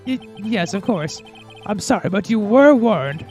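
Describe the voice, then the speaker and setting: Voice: medium pitch, expressive, a little slow, soft background music, lightly acted. Streamer doing a meek flustered old judge. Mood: hesitant. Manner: hesitant, soft, formal. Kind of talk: reading game dialogue aloud.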